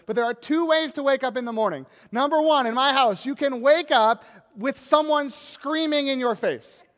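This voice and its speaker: A man in his thirties preaching a sermon, telling animated stories and acting out scenes. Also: extremely high pitch. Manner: animated storytelling, acts out scenes. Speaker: pastor. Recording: long reverb of a large hall.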